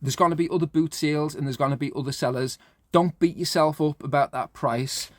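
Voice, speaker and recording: A cheeky British man chatting away about bargain hunting, his voice pitched a little higher than most. He keeps tossing in "right?" as he goes. The sound is dry and close, with no room echo. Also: fairly even intonation, brisk. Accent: British English. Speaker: reselling vlogger. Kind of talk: casual advice talk to camera.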